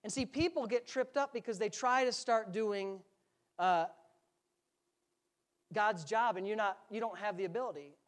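A man's voice: high-pitched, normal speed, pauses often. Joking, conversational male pastor preaching. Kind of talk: sermon. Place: church sanctuary.

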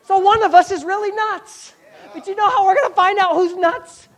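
A woman pastor preaching a sermon with a sarcastic, animated delivery. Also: extremely high pitch, moderate pace.

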